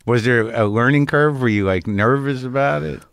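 A male host interviews a guest in a relaxed way, his questions loose and halting and broken up by short agreements. His pitch sits in the middle and the recording is dry. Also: creaky, dry recording. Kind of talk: casual interview chat.

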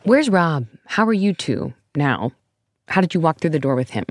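Podcast interviewer, encouraging, mid-pitched voice, dry close sound. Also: very animated, moderate pace, dry recording. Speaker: podcast host. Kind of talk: casual interview.

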